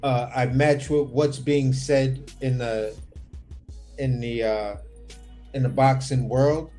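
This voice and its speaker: A man's voice: medium pitch, steady tone, slow pace, warm tone, faint music behind. A man hosting a casual boxing talk over a remote livestream call, laid-back and rambling, swearing offhand. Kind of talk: casual chat.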